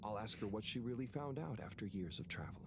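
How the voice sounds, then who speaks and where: An actor playing a shy, tired young man who mutters to himself and talks to his pet fish in soft, half-whispered asides, in a video game. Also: lowish voice, lively intonation, quick pace. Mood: muttering. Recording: game audio with ambience.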